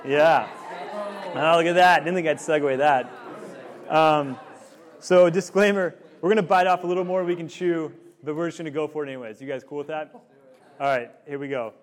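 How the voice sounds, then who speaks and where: A man's voice: on the high side, steady tone, normal speed. A man in his thirties giving a casual teaching talk to college students, rambling through a family story with lots of fillers. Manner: rambling, filler-heavy storytelling with many likes. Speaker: campus ministry speaker. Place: room with a student group.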